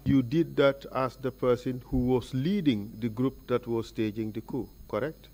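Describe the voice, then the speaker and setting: A man's voice: mid-range voice, moderate pace, a little mellow. A man questioning a witness at a formal hearing, probing and pressing with leading questions. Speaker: lead counsel questioning a witness. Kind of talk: formal cross-examination. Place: hearing room.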